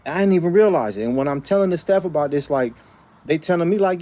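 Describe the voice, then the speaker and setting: A man from the Bay Area telling a personal story in an animated, emphatic way, with frequent tag questions and repeated phrases. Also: medium pitch, racing. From San Francisco Bay Area. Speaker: vlogger. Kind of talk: casual storytelling.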